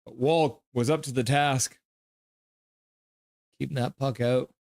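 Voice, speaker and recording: A man's voice: mid-range voice, steady tone, gravelly, dry recording, clean studio sound. Man calling hockey play-by-play. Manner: brisk play-by-play, breaks into loud cheers. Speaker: live stream host calling the game. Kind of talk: live reaction play-by-play.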